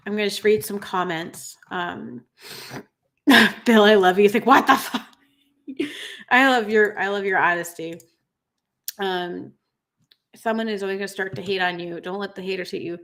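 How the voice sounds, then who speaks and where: A woman in her thirties hosting a livestream, tearful after crying, reading viewer comments in an earnest, halting way with many fillers. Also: mid-range voice, steady tone, fairly bright tone. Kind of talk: emotional livestream chat.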